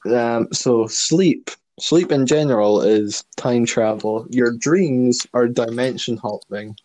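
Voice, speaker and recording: A man's voice: mid-range voice, slow pace, a little mellow, low-quality recording. A man co-hosting a podcast in casual chat, rambling with many fillers and laughing often. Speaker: podcast co-host.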